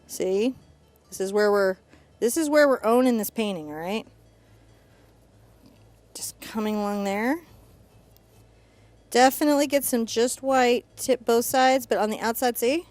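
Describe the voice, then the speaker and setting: A woman's voice: on the high side, unhurried, long pauses, a little mellow, no echo, soft background music. A middle-aged woman teaching a live painting class, chatty and upbeat as she narrates each brushstroke. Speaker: painting instructor.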